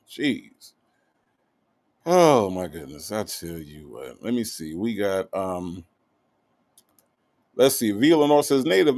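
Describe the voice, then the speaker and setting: Gravelly, animated male livestream host. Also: medium pitch. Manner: animated, teasing, greets viewers one by one. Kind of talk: casual livestream chat reading viewer comments.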